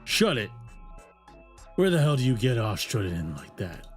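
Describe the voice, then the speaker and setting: A man's voice: medium pitch, sing-song, moderate pace, soft background music, close to an everyday voice. A man doing a hotheaded young village guy. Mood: angry. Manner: shouting, accusatory.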